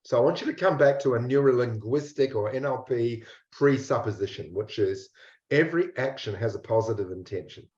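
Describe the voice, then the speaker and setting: Male coach talking slow n soft-spoken, repeats himself, echoey dull recording. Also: mid-range voice, lively intonation. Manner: slow, repetitive, intimate, blunt at times. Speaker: mindset coach. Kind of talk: guided reflection talk.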